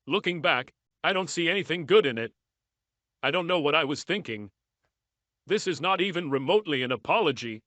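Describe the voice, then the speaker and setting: A man narrating a first-person story in a measured, even reading style. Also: fairly high pitch, no echo.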